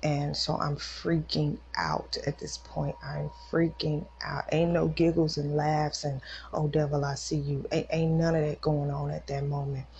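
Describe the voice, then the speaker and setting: Gravelly low-voiced woman telling a testimony. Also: little pitch movement, unhurried, few pauses, darkish tone, dull audio, a little hiss or hum. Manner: emotional, acts out quoted voices; casual, conversational storytelling. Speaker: podcast host. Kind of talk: personal faith testimony, storytelling.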